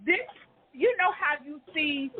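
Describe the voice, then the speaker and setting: A woman on a talk panel who speaks in an animated way and laughs often. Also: high voice, measured pace. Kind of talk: lively panel chat. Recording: tinny call audio.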